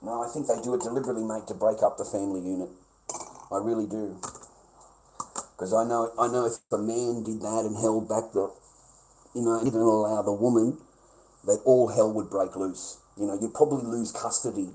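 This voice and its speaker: A man's voice: on the low side, fairly even intonation, brisk, warm tone, a little hiss or hum, rough recording. A man ranting on a livestream, blunt, sweary and aggrieved, repeating his points. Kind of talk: casual livestream rant.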